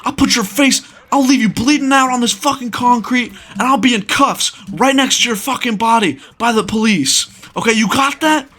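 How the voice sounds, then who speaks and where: A man voicing a huge, furious redneck man in his twenties who yells threats. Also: very high-pitched, moderate pace, few pauses, voice pushed up, exaggerated voice. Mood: menacing shouting. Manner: yelling threats, menacing.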